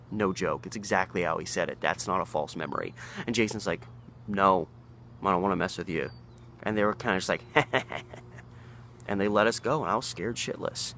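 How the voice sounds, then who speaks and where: Rambling low-voiced man telling stories. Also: a little hiss or hum. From Oregon, USA. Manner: rambling, animated when excited, many fillers. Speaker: local history vlogger. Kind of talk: casual storytelling.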